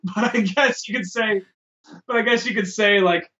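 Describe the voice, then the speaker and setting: A man's voice: sits high, normal speed, pushed and bright, muffled recording. A man co-hosting a podcast, rambling casually about a movie with lots of fillers and swearing. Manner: rambling, profane, many fillers. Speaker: podcast co-host.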